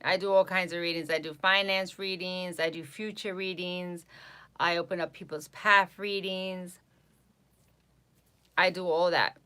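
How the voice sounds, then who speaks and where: A woman from New York talks casually to her live-stream viewers, repeating phrases and stumbling over names. Her voice sits a little low but has a bright, forceful edge. The New York accent comes through plainly. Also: fairly even intonation, measured pace, smooth. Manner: chatty, repeats herself, reads viewer names aloud. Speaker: psychic livestream host.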